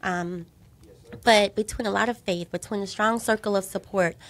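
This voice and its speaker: Middle-aged woman guest, earnest, animated storyteller, mid-range voice. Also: medium pitch, moderate pace. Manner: earnest, animated retelling with quoted dialogue. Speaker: guest, breast cancer survivor. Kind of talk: personal storytelling in a talk show interview.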